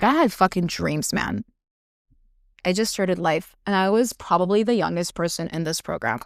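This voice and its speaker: With a lowish, smooth voice, a young podcast host gushes casually through a personal story. She peppers it with "like" and swears frequently, and the recording is dry and studio quality.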